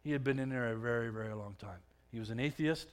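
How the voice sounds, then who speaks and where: A man giving a personal testimony in a conversational way, often restarting his words and growing louder as the story builds. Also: medium pitch, fast talker. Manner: conversational, repeats and restarts words, swells louder when excited.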